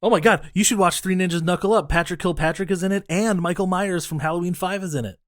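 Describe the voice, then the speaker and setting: A man co-hosting a casual movie-review podcast, talking in an animated, profane way and acting out scenes in funny voices. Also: high-pitched, quick pace, no room sound, studio quality. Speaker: podcast co-host.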